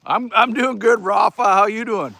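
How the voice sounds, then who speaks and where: Canadian male streamer, high bright voice, chatty and joking, reads comments between bites. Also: moderate pace, gravelly, no room sound. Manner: joking, chatty, talks while eating. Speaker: livestream host. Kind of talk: casual livestream chat reading comments.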